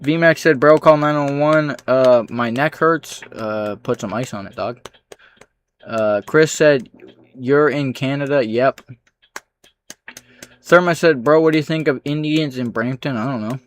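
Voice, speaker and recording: A man livestreaming, reading out chat comments with dry, sarcastic replies and low-key asides. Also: unhurried, slight background noise.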